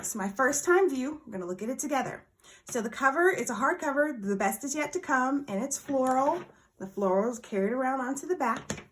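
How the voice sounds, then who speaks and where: In this relaxed unboxing chat, a bubbly planner vlogger gushes over every little surprise. Her voice, a bit higher than most, jumps up with excitement, and she occasionally moves away from the mic as she handles things.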